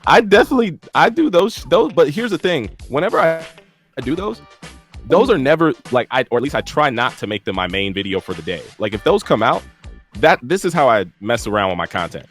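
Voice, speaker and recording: A man talking casually in a group chat, animated and laughing as he defends his videos. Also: medium pitch, brisk, soft background music. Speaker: guest YouTuber.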